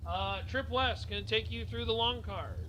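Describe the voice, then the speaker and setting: High, bright-voiced chatty male race announcer. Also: moderate pace, a little hiss or hum. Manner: chatty, joking, easily distracted. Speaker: track announcer. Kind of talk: casual race-day commentary.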